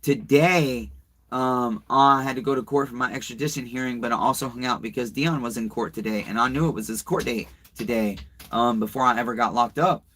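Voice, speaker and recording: At a medium pitch and a brisk pace, a man with a fairly bright voice hosts a casual livestream. He reads comments and tells a rambling story, cursing freely and talking straight to his viewers.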